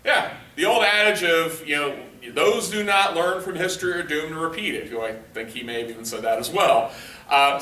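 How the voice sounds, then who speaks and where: A man's voice: a little high, sharp tone, slight background noise. A male trainer giving a conversational workshop lecture to a live group, often quizzing the room and using lots of fillers. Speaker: leadership trainer. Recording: echoey room, voice picked up from a distance.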